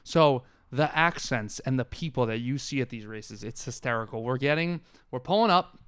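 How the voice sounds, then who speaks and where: A man's voice: mid-range voice, expressive, normal speed, a bit bright, smooth, no echo. A man co-hosting a sports podcast, telling stories animatedly with lots of fillers in a studio. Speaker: podcast co-host. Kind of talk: casual chat.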